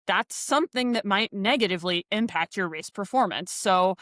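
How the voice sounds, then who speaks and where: A woman's voice: medium pitch, moderate pace, a bit bright, no room sound. Chatty woman co-host, dry close sound. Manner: chatty, many "like" fillers, playful. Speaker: podcast co-host, coach. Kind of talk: casual chat.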